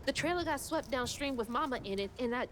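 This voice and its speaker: A woman's voice: high voice, lively intonation, quick pace, slight background noise. A young woman, voicing a frightened young woman in a video game, pleading and urgent. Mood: desperate. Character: frightened young woman searching for her mother.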